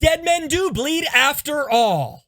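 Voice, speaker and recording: A man's voice: high voice, lively intonation, unhurried, fairly bright tone, no room sound. A man voicing a stubborn patient who insists he is dead, in an earnest, insistent way. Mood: amazed.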